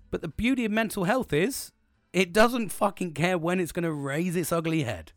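A man's voice: high-pitched, normal speed, no echo, clean studio sound. A middle-aged British man hosting a podcast, talking frankly and reflectively about his own struggles, with lots of swearing and real emotion. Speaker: podcast host. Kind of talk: candid personal monologue.

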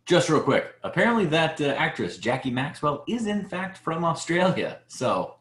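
A man co-hosting a casual movie review podcast, jumping in with quick interjections and fact checks. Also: on the high side, very animated, a bit bright. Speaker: podcast co-host. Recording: echoey room.

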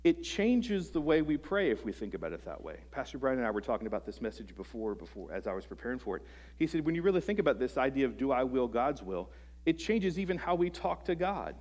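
A man's voice: mid-range voice, sing-song. Earnest male preacher with mid-range voice. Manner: earnest, rhetorical questions to the congregation; halting restarts, soft trailing phrase ends. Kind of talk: sermon. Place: church service before a congregation.

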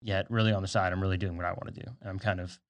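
A man's voice: low voice, flat delivery, rapid-fire. A young man in his twenties, a podcast co-host in a studio, chatting casually about faith and explaining at length with side notes.

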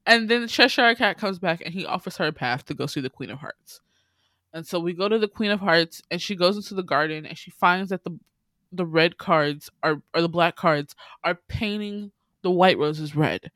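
A woman's voice: lowish voice, moderate pace, a bit bright, no echo. A woman in casual chat, animatedly retelling a film and acting out its characters' lines with laughter.

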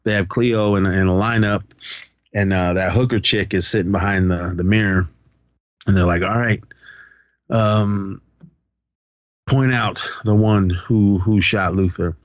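A man's voice: sits low, steady tone, unhurried, pauses often, no room sound, highs cut off. A man co-hosting a podcast, loosely retelling a film's plot and acting out the characters' lines. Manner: loose storytelling, acts out quotes, profane. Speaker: podcast co-host. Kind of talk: casual movie recap.

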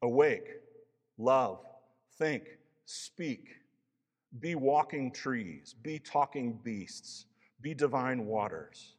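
Man reading a joyful lion creator, slow and solemn, hall reverb. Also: mid-range voice, animated. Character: great male lion creator, strong and joyful.

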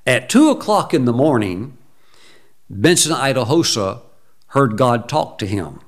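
A male preacher telling a story in a sermon, slowing down and leaning into the quoted lines. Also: mid-range voice, big pitch swings. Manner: slow, deliberate retelling with acted quotes.

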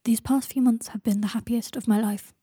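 A woman reading a fan fiction audiobook and voicing a sharp-tongued, sarcastic young man with a theatrical drawl. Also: fairly high pitch, steady tone, a little fast, breathy edge, no room sound, studio quality. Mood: tender.

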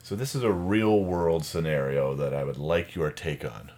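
A man's voice: rumbling low, normal speed, a little mellow. A man co-hosting a podcast in casual chat over drinks, with dry, teasing humor. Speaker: podcast co-host.

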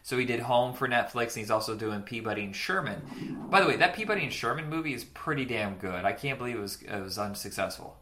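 A man's voice: medium pitch, animated, fast talker, noisy background. A man in his forties co-hosting a podcast, chatting casually and rambling about old cartoons, laughing easily. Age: 40s. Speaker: podcast co-host.

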